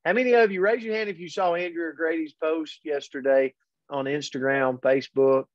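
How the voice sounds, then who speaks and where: A man hosting a daily motivational pep talk, earnest and energetic, speaking directly to his audience. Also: on the high side, moderate pace, dry recording. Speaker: host and motivational coach. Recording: dull, lo-fi dry recording.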